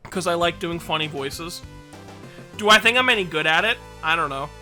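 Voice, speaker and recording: A woman chats casually while streaming a game, rambling, self-deprecating, and quick to laugh, with game music in the background. She has a fairly low, animated, sharp voice at normal speed.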